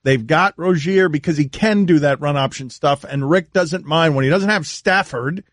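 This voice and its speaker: A man's voice: on the high side, normal speed, dry recording, studio quality. A man hosting a sports radio show, cutting in bluntly to argue about football. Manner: blunt, interjecting, argumentative. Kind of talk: casual sports talk. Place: radio studio.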